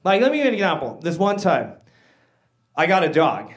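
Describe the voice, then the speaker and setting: A man doing a stand-up comedy set on stage, excitable and slangy, calling the crowd "guys" and "dude". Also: fairly high pitch, a little fast. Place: comedy stage before a live audience.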